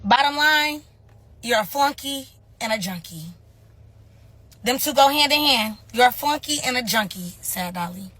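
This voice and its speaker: A woman's voice: a little high, animated, measured pace, pushed and bright, no echo. A woman in mocking someone with a string of profane insults. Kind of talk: heated clapback rant.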